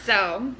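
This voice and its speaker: A young woman co-hosting a casual TV recap, animated and swearing as she acts out her reactions. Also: mid-range voice, background noise. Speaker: co-host.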